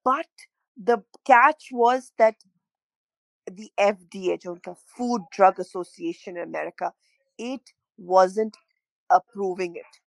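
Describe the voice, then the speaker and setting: A middle-aged woman, a parent telling her story in an interview, halting and emotional, often repeating words. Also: medium pitch, vocal fry, no echo, low-quality recording. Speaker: parent of a child with a rare illness, interview guest.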